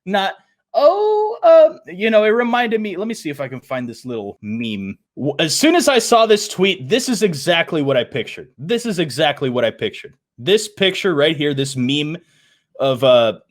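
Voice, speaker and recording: High-voiced man ranting about football. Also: big pitch swings, moderate pace. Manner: exasperated, emphatic, repeats points. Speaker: podcast host. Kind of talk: sports fan reaction rant.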